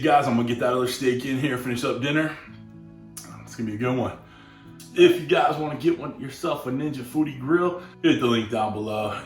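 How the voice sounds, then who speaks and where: A man hosting a casual cooking demo, easygoing and chatty, saying "all right" often while he grills. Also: mid-range voice. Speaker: cooking channel host. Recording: roomy echo.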